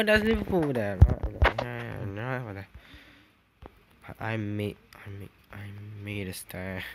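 A young man giving a rambling, self-correcting walkthrough of a game build, saying "dude" often. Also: mid-range voice. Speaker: gaming vlogger. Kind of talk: casual game walkthrough commentary. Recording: noisy background hiss with clicks.

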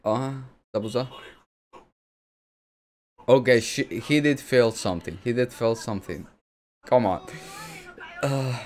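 Excitable man reacting to anime. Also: mid-range voice, slow, pauses often, crowd noise. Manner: excitable, rambling, breaks into laughs and exclamations. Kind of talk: casual reaction commentary.

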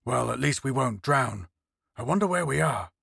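A man playing a thoughtful ship officer in an audiobook, working through ideas aloud at a middle pitch. The recording is dry. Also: expressive, moderate pace, vocal fry, a bit bright, husky, dry recording, exaggerated voice. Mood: musing.

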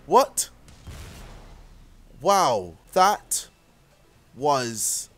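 A young man commenting on his own gameplay, muttering to himself and then bursting into excited shouts. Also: high voice, slow, pauses often, faint music behind. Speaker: gaming YouTuber. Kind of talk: let's-play commentary.

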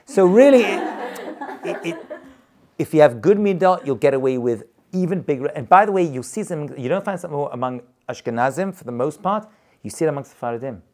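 A man's voice: fairly high pitch, lively intonation, brisk, a little mellow. A man, a rabbi, teaching a live class in an informal, emphatic way, repeating points and chuckling as he goes. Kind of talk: lively informal lecture to a live group.

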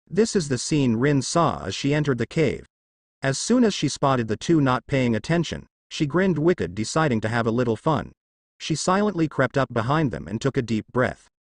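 A man narrating a fan fiction story in a steady storytelling read. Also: mid-range voice, dry recording.

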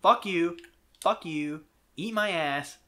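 A man's voice: a little high, slow, sharp tone, a little hiss or hum. A man giving casual gameplay commentary, exasperated and swearing constantly at the game. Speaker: let's play host.

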